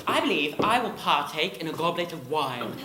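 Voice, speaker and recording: A woman's voice: deep voice, sing-song, normal speed. An actress on stage playing a bratty, rude young boy who bossily demands wine. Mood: bossy. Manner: bossy, rude. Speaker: stage actor. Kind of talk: amateur stage acting. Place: theatre stage. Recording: echoey hall with background noise.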